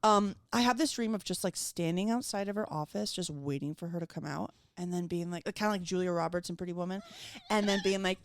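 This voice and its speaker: A woman comedian in her thirties, chatting on a podcast and telling animated, profane stories, acting out the people in them. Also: fairly low pitch, fast, no echo, studio quality. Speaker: comedian guest. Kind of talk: casual podcast chat, storytelling.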